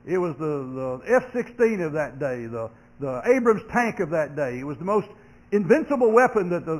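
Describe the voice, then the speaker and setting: A man, a pastor, preaching a sermon, earnest, growing loud and sharp when he acts out complaining voices and dropping soft for comfort. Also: high-pitched, rough recording.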